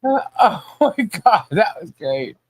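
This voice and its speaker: Slow-talking, giggly woman co-host. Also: mid-range voice, big pitch swings, breathy edge, no room sound. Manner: laughs often, easily amused. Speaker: podcast co-host. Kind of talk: casual podcast chat.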